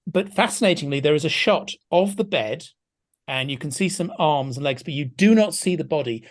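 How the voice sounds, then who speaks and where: A man's voice: a little high, lively intonation, normal speed. A man guest discussing a film in a casual podcast chat, thoughtful and hesitant with frequent restarts.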